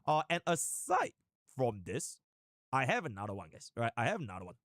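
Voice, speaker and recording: A man live streaming and chatting casually, animated and rambling, with sudden fast bursts. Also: medium pitch, no room sound, clean studio sound.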